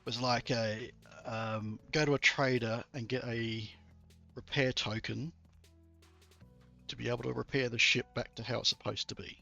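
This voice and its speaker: A man's voice: medium pitch, steady tone, moderate pace, gravelly, bright, forceful tone. A man streaming a game, chatting casually and rambling, with occasional swearing. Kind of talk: casual chat. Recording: dull lo-fi stream audio with faint music.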